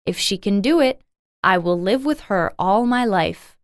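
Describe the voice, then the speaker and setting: A woman's voice: mid-range voice, lively intonation, unhurried, clear, resonant tone, dry recording, studio quality. A woman voicing a stern fairy-tale king who makes firm pronouncements in a storybook.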